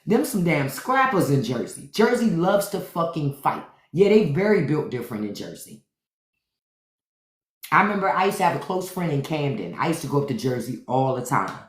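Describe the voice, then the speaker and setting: A woman with a low voice that jumps around a lot hosts a casual live stream. She tells profane stories with plenty of color. The sound is roomy and echoey. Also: moderate pace. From Washington, DC. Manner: animated, profane storytelling with acted-out quotes. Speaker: podcast host on a live stream. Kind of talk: casual livestream chat. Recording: roomy echo.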